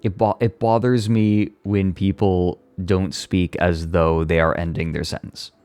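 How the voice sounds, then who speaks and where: A deep-voiced man chatting loosely on a live stream, with faint music behind him. He rambles, swears freely, leans on "like" constantly and laughs between thoughts. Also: little pitch movement, a little slow, a little mellow, clean tone, no echo. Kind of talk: casual chat on a live stream.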